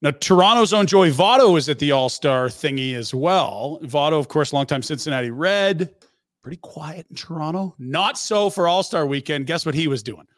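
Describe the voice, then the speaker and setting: Brief: male podcast co-host, lively up-and-down voice, slightly high, laughs often, dry close mic. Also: moderate pace, dry recording. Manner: animated, laughing, narrating photos. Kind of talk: casual sports talk.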